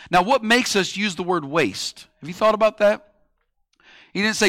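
An impassioned male preacher delivers a sermon, drawing out key words and mocking the voices of doubters. His voice sits a little high and rings bright and forceful. The sound is dry, with little room echo. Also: moderate pace. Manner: acts out quoted critics in a mocking tone. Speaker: pastor.

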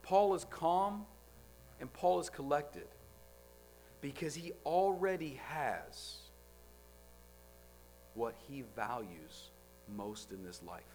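A man preaching a sermon, firing off rhetorical questions and swinging between loud, driving lines and quiet ones. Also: mid-range voice, expressive, slow, pauses often, soft background music.

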